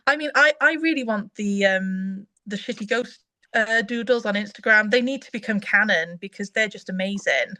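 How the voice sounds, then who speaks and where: A woman's voice: medium pitch, normal speed, bright, forceful tone. A young woman chatting eagerly as a podcast guest, rambling with restarts. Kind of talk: casual chat.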